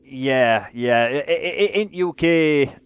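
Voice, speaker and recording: A chatty British man in his thirties rambles while he plays a game on stream. He keeps tripping over his words and repeating them before he gets a sentence out. His voice sits at an ordinary middle pitch for a man. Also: takes it slowly, smooth. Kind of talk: casual chat while gaming on stream.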